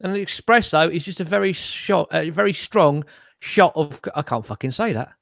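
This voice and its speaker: A man's voice: a little high, moderate pace, gravelly, a bit bright, no echo, studio quality. A man co-hosting a casual live-stream chat, joking, swearing freely and laughing often. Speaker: co-host.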